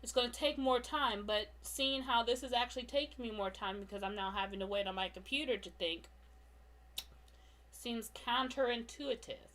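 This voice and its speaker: A young woman comic artist giving a casual live-stream drawing tutorial, chatty and self-mocking, laughing often and talking to her slow computer. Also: a little high, fairly bright tone.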